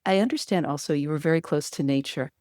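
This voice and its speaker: A woman's voice: low voice, quick pace, darkish tone, dry recording, clean studio sound. A woman hosting a podcast interview, affirming her guest and asking reflective questions. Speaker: podcast host. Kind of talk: interview conversation.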